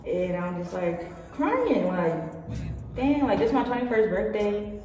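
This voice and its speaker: A woman's voice: medium pitch, very animated, takes it slowly, warm tone. A young woman tells a personal story, rambling and full of fillers, sometimes acting out what others said. She sits far from the mic in a very echoey room with a long reverb. Faint music plays behind her. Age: young adult. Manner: rambling, filler-heavy, acts out quotes. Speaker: vlogger. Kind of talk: casual storytelling.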